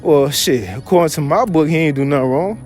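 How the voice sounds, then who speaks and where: Man with a high voice, loose slangy Bible teaching over faint music. Animated delivery. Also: brisk. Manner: slangy, animated, reads verses then riffs on them. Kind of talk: casual scripture teaching.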